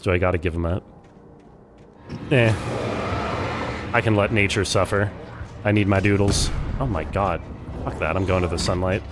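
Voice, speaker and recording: A man's voice: deep voice, background noise. A young man streaming a game, joking and profane in casual gameplay commentary.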